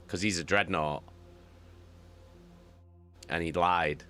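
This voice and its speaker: A man who reads audiobooks, chatting casually with live viewers, animated and swearing often as he repeats himself. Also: low-pitched, unhurried, pauses often. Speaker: audiobook reader and streamer.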